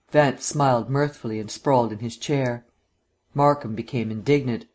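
A man narrating a detective novel as an audiobook reader, in an even, measured way. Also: medium pitch.

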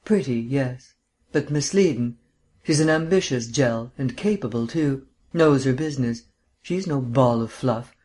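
A man's voice: medium pitch, measured pace, a little mellow, natural voice. A man reading aloud as a languid, erudite male amateur detective with a drawling, mannered, lecturing manner. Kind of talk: audiobook character reading.

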